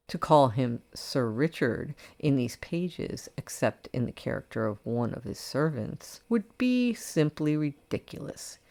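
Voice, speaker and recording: A woman narrating a classic short story for an audiobook in a measured, expressive way. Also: rumbling low.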